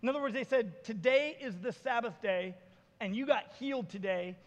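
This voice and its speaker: High-voiced pastor preaching in a hall. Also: male voice, moderate pace, highs cut off. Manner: animated storytelling, acting out voices. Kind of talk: sermon. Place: church sanctuary. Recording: reverberant church hall.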